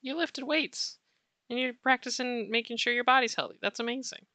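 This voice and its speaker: A woman chatting casually with viewers while she sketches on a livestream, answering chat warmly and laughing often. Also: fairly high pitch, normal speed, no echo. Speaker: art streamer.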